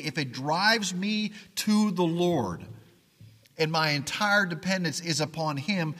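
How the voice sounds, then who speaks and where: A man preaching a sermon as pastor, earnest and pleading, often dropping to quiet emphasis. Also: a little high, slow pace, big-room sound.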